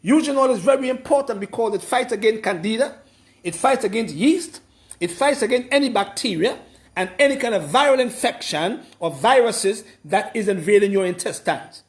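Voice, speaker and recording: A man giving an informal lecture, explaining slowly and repeating his points with emphasis. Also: high-pitched, expressive. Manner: slow, repetitive, emphatic explaining. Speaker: herbalist explaining a program.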